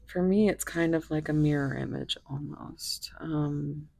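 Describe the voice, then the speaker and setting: A woman reads tarot cards in a low, unhurried voice with a husky edge. She muses and thinks aloud as she goes, filling pauses with ums. The sound is dry and close, with little room echo. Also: steady tone, dark tone. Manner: musing, thinks aloud with fillers. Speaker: tarot reader. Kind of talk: tarot reading.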